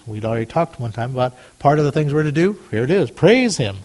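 A man preaching a conversational sermon, reading scripture aloud, with frequent restarts and louder, higher bursts when voicing prayers. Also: big pitch swings, quick pace, hardly any pauses. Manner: rises loud and high on prayers. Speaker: pastor.

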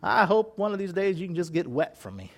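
Preaching with a high-pitched, very animated voice, this man moves briskly and has some vocal fry. His sermon is folksy and full of jokes, with scripture readings between remarks and chuckles at his own asides.

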